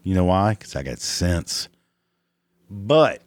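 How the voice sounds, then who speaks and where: A man's voice: low voice, sing-song, slow, dry recording. A man delivering a crude, exasperated comedic rant, laughing at his own jokes, his voice cracking. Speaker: comedic ranter.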